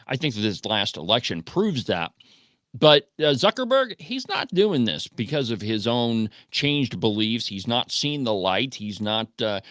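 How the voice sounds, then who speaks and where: A man's voice: mid-range voice, a bit bright, no echo, clean studio sound. A man hosting an opinionated political talk radio show, speaking emphatically and firing off rhetorical questions. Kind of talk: opinionated call-in radio commentary.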